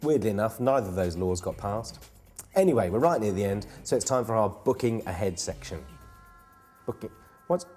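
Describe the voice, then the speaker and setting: A man's voice: fairly low pitch, animated, a little fast, dark tone, soft background music. A man hosting a comedy gig guide in a playful, self-mocking way, wandering off into rambling asides. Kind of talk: jokey scripted presenting.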